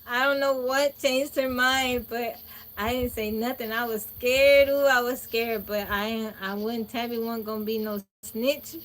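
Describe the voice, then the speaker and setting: A woman hosting a phone livestream, telling a childhood story to her chat in a chatty, animated way with laughs. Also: on the high side, moderate pace. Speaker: livestream host. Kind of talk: casual storytelling to a live chat. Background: crickets and insects.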